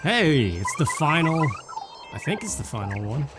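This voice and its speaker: A man's voice: on the high side, wildly swooping pitch, normal speed. A young man hosting a let's play, giving rambling, casual gameplay commentary and thinking aloud. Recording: game music behind.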